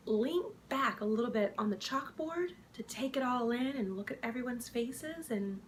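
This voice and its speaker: A woman telling the story of how she became an actress in an improv comedy mockumentary, wistful and dramatic with soft, hushed asides. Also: on the high side, expressive, normal speed, few pauses, a little hiss or hum.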